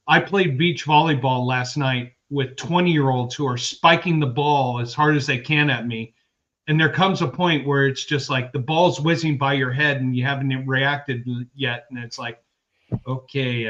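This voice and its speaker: A man's voice: medium pitch, normal speed, a bit bright, highs cut off. A man in his fifties co-hosting a sports podcast, rambling through personal anecdotes in casual chat. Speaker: podcast co-host.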